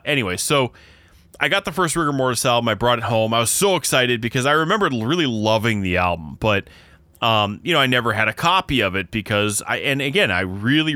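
A man's voice: lowish voice, sharp tone, dry recording. A man co-hosting a podcast in casual chat, telling long rambling stories that keep circling back on themselves. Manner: rambling, self-interrupting storyteller. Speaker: podcast co-host.

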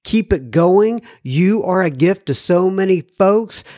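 A man with a fairly high voice hosts a podcast and reads listener emails aloud. He talks in a chatty, joking way and breaks in with asides. The sound is close and dry, with no room around it. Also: slow pace, no room sound. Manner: chatty, joking asides, animated swings in pitch. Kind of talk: casual podcast monologue.

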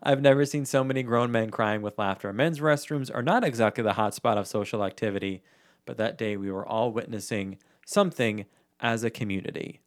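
A man's voice: on the low side, fairly quick. A man co-hosting a casual chat show, reading stories with easy amusement and frequent laughter. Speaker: podcast co-host.

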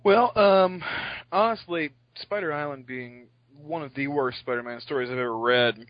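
A man's voice: fairly high pitch, normal speed, no room sound. A man giving an opinionated, enthusiastic comic book review in casual chat. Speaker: podcast reviewer. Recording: dull lo-fi sound.

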